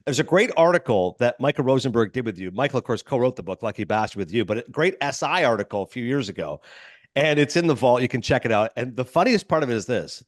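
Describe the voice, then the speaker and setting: A man's voice: medium pitch, animated, fast. A man hosting an interview show, asking questions with eager enthusiasm. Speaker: podcast host. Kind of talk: casual interview.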